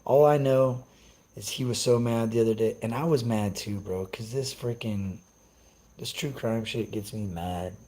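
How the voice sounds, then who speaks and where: A man's voice: mid-range voice, moderate pace, warm tone, low-quality recording. A young man on a casual live stream, ranting brashly and cursing as he answers his chat. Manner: profane, brash, trash-talking.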